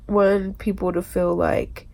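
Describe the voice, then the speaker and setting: A woman crying as she talks alone to her own camera, in a halting, hesitant confession broken by nervous laughs and swearing. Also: mid-range voice, level tone, a little mellow. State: tearful, crying. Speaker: vlogger. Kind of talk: confessional self-recorded monologue. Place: alone indoors. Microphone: self-filmed camera.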